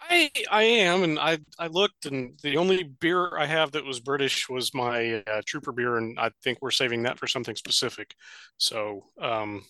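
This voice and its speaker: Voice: mid-range voice, normal speed, bright, forceful tone, dry recording. A podcast co-host in casual chat who gives short, amused replies and stumbles over words now and then.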